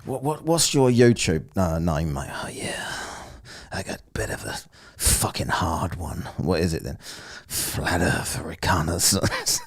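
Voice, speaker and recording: A man's voice: sits low, lively intonation, unhurried, slightly rough. A man giving mocking, profane commentary over a live stream, laughing at the people he watches. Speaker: streamer reacting to a debate.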